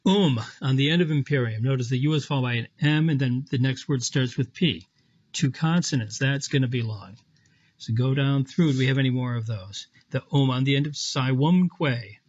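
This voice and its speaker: A man walks through an example in a Latin screen lecture, explaining patiently step by step and correcting himself in small ways. His medium-pitched voice is darkish and fairly quick, and the highs are cut off.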